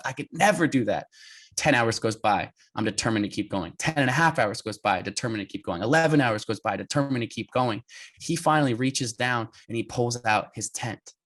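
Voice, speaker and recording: A man in his thirties, a guest telling an adventure story in an interview, animated and laughing as he goes. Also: mid-range voice, fairly quick. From United States.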